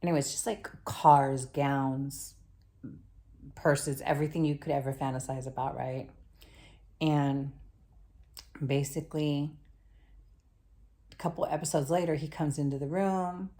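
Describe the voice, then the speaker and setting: A young woman with a notably low voice talks through a TV episode recap. Her delivery is loose and rambling, heavy on slang and filler words, like chatting with a friend. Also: steady tone, unhurried, pauses often, dark tone. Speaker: TV show recap vlogger. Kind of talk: casual spoken show recap.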